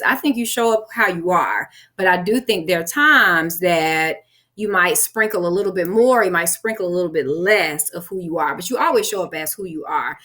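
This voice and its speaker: A middle-aged woman hosting a podcast, loud and animated, telling stories with folksy sayings. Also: fairly low pitch. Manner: folksy sayings, acts out her husband's lines. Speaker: podcast host. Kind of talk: casual chat.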